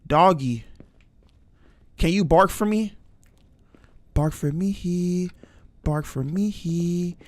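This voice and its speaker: A young male streamer talks through a horror game, his voice sitting a bit high for a man. He is chatty and jumpy, tossing casual slang at his viewers. The sound is dry and close, with no room echo. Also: slow, long pauses. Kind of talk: live horror game commentary.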